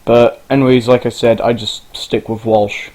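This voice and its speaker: A man talks through a game tutorial in a loose, rambling way. He wanders off track and swears now and then. His pitch sits in an ordinary middle range. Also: level tone, moderate pace, a little mellow, poor audio. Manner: rambling, informal, swears casually. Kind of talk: casual screen-recorded game tutorial.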